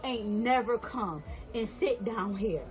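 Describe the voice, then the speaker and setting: A local resident gives a casual outdoor account of what happened near her home, emphatically repeating details. Her voice is slightly high and darkish, her pace slow, with a faint crowd in the background.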